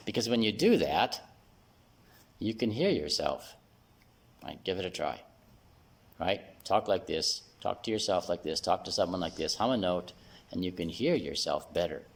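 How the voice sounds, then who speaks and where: Deep-voiced man teaching bass singing. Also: unhurried, creaky, pauses often. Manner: relaxed, explaining step by step, says "right?" often. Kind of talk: casual video lesson. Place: home room, playing bass guitar.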